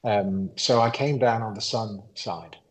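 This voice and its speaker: A man's voice: on the low side, unhurried, rough recording. A man answering interview questions in a casual chat, thinking aloud with hesitations and restarts. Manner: thoughtful, hesitant, many ums and restarts. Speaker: guest, expert player.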